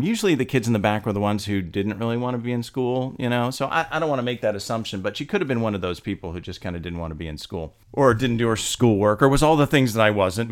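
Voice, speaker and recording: A man casually telling a personal story, animated and laughing often, his voice rising as he gets indignant. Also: medium pitch.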